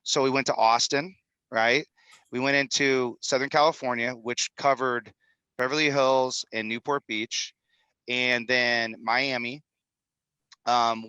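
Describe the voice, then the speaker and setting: Upbeat fifty-something man, bright and dry. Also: medium pitch, smooth, no echo, lo-fi sound. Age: 50s. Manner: energetic, salesman-like, rambling. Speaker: guest, film executive producer. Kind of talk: animated podcast interview talk. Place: studio in Utah.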